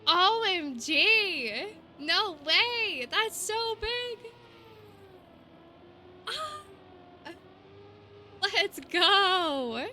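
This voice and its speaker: Bright, high-voiced giggly woman streamer. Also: drawn-out words, long pauses, a little hiss or hum. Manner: excitable, giggly, chatty with chat. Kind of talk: casual gaming live-stream chat.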